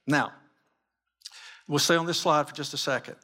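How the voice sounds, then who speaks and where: A man's voice: on the high side, normal speed, pushed and bright. A man giving a sermon-style teaching with slides, emphatic and full of repeated rhetorical questions. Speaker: Christian teacher.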